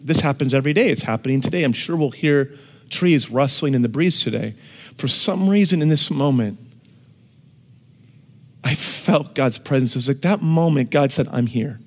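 A pastor giving a sermon, telling stories and moving between hushed and loud, emphatic passages. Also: male voice, fairly high pitch. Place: church hall with an audience. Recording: long reverb of a church hall.

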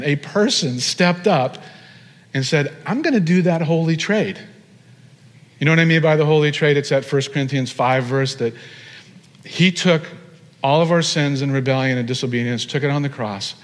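Male pastor mid-sermon, animated delivery, drawn-out emphasis, ringing church reverb. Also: mid-range voice. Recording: long hall reverb.

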